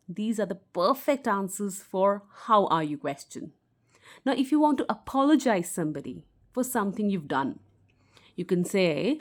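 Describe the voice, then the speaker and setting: Lively woman teaching kids. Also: medium pitch, moderate pace. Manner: clear, patient explaining with bright, sing-song example phrases. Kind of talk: simple spoken lesson.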